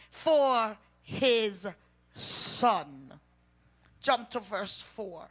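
High, bright-voiced woman preaching a sermon. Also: a little slow. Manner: emphatic preaching, calls out and shouts to the congregation.

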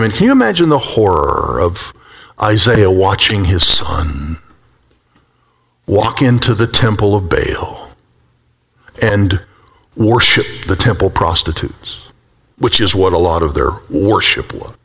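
A man preaching a sermon, swinging between high, urgent exclaims and hushed, low passages, and acting out the voices of prophets. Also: lively intonation, unhurried. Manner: acts out quoted prophets with a rising voice. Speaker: pastor.

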